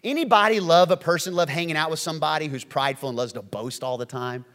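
A pastor preaching a sermon, moving between quiet, earnest lines and loud, excited acted-out quotes. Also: male voice, on the high side, fast, big-room sound. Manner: animated, swings from hushed to shouting, acts out quotes.

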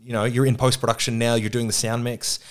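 A man's voice: medium pitch, level tone, fast talker. A man chatting on a podcast at a table, a film producer who swears freely and tells stories with acted-out quotes. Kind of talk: casual podcast chat. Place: around a table with two others.

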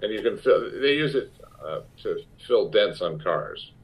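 Animated man telling a story. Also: fairly low pitch, measured pace, husky. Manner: animated, profane anecdote-telling with acted-out quotes. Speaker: actor guest. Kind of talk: storytelling interview. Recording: dull lo-fi sound.

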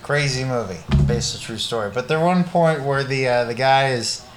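A tired man co-hosting a podcast, talking in a low-key way and trailing off in casual banter. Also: animated, normal speed, heavy background noise. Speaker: podcast co-host.

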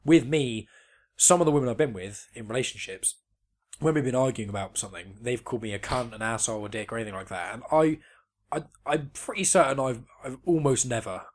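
A man's voice: medium pitch, a little fast. A man in his twenties talking casually on a podcast, rambling with lots of restarts and swearing. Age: 20s. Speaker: podcast co-host. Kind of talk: casual chat.

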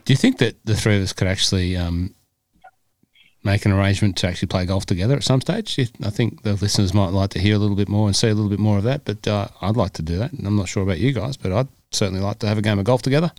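A man hosts a casual podcast with a low voice that sounds dry and close to the mic. He jokes, rambles and laughs easily with his co-hosts. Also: rapid-fire, darkish tone, dry recording. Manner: jokey, rambling, laughs often. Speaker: podcast host.

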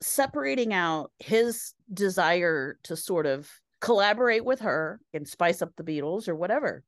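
An opinionated woman in a casual chat, her pitch leaping up and down as she makes her points. The sound is dry and close, with no room around her. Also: no room sound. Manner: animated, opinionated, quick asides.

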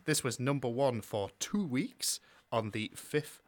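A man's voice: medium pitch, lively intonation, slow, a crowd in the background. A man hosting a casual podcast chat, jokingly reading out chart dates. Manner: jokey, reads chart dates with mock ceremony. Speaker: podcast host.

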